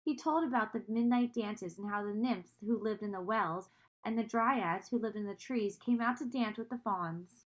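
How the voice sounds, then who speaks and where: A woman reading a children's storybook aloud, gently stopping to explain words and ask her listeners questions. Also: mid-range voice, normal speed.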